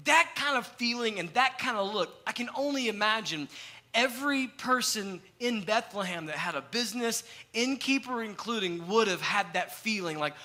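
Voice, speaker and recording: Bright-voiced animated male pastor. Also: high voice. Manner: animated storytelling with acted quotes. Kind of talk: sermon.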